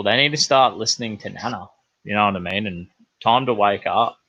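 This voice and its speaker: Sweary Australian bloke ranting forcefully. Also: male voice, on the low side, fairly quick, dry recording, highs cut off. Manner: rambling, sweary, blokey slang. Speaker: livestream news host. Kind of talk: crude comedic news rant.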